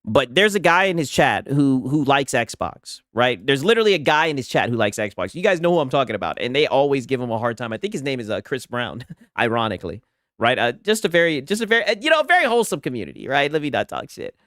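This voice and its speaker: A man's voice: mid-range voice, sing-song, quick pace, a bit bright, dry recording, studio quality. A man hosting a casual reaction commentary, mocking and sarcastic, swearing freely. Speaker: host reacting to a streamer clip.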